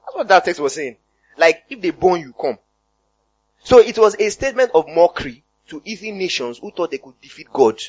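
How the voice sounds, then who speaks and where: A Nigerian-accented pastor preaching with a high, lively voice that jumps around as he talks. His voice is cracking, and he breaks up his points with hallelujahs and amens. The recording is slightly dull and lo-fi. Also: a little fast, dry recording. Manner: animated, conversational preaching, punctuated by hallelujahs. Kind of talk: sermon.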